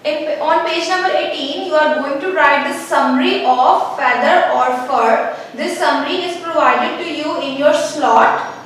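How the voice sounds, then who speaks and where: A woman teacher giving a recorded lesson, explaining slowly step by step and repeating key words. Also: sits high, fairly bright tone. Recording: echoey room, voice from far off, faint hiss.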